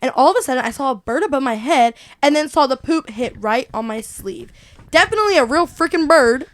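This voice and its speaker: A young woman tells a story on a casual podcast, her voice pitched high and her telling animated. She laughs often and acts out what people said. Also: fairly quick. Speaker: podcast co-host. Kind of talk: casual chat.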